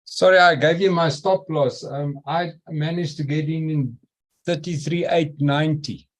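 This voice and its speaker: A man's voice: on the high side, steady tone, unhurried. A man taking part in an online trading session over a video call, polite and asking careful questions. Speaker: trader in the session.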